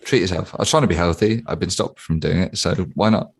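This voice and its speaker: A man co-hosting a comedy podcast, telling an improvised story in a deadpan way with stammering restarts. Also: sits low, fast, gravelly, slightly rough.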